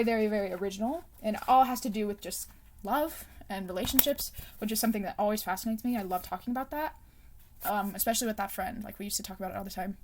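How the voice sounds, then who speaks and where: A woman's voice: fairly high pitch, a little hiss or hum. A young woman chatting casually about her favorite books, rambling with lots of ums and likes, laughing often and sometimes dropping to a self-conscious whisper. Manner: soft self-conscious asides, drifting into whispers. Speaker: book vlogger. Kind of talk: casual chat.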